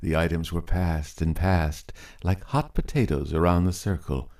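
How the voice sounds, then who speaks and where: A man reads a story aloud in a deep, low voice. He takes his time, letting each phrase land in a measured, unhurried rhythm that suits a storybook narration. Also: steady tone, a little mellow. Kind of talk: scripted narration.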